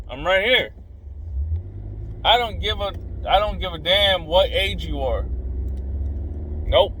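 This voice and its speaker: A man's voice: high-pitched, slight background noise, poor audio. Ranting man in a casual vlog. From Southern California desert. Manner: animated, ranting, blunt. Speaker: vlogger.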